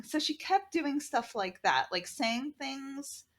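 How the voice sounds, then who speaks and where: A woman guest on a podcast, telling a story in a casual, animated way, acting out the people she quotes and swearing freely. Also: high-pitched, takes it slowly.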